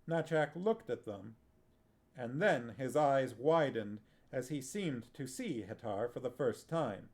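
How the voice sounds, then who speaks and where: A man streaming himself reading a fantasy novel aloud in a steady, unhurried way and adding casual asides. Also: medium pitch. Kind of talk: book narration with chat asides.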